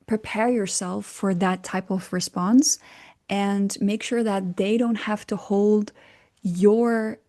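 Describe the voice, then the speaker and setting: A woman's voice: mid-range voice, a little mellow. A woman coaching on communication, explaining casually with fillers, hesitations and frequent little laughs.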